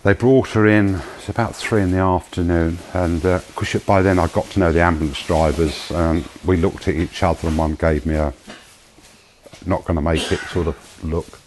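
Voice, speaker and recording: A man with a very low voice tells a personal testimony, slow and tender as he recalls people he met. A faint hiss of noise sits under his voice. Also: fairly even intonation, darkish tone, poor audio. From United Kingdom. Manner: emotional storytelling, slow and tender. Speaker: charity founder giving testimony.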